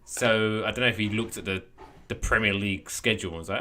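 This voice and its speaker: A man co-hosting a casual football podcast, animated and jokey. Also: fairly low pitch, fast, slight background noise. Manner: animated, jokey, puts on voices for quotes. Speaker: podcast co-host.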